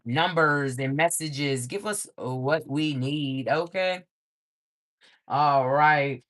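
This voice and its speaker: A man giving a livestream tarot reading to his viewers in a loose, profane, animated way, laughing often and ending many lines with "okay?". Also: fairly high pitch, takes it slowly. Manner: profane, frequent "okay?" check-ins. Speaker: tarot reader.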